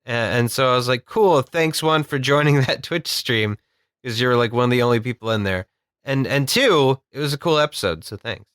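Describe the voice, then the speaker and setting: Bright-voiced male podcast co-host. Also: medium pitch, fairly quick, clean tone, no echo, clean studio sound. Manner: jokey, rambling, laughs often. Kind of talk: casual chat.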